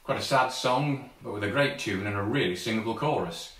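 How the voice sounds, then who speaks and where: A man's voice: on the low side, brisk, fairly bright tone. A man in a folk session, introducing his next song in a friendly, informal way and inviting listeners at home to join in. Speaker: folk singer. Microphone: smartphone. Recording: roomy phone recording from a distance.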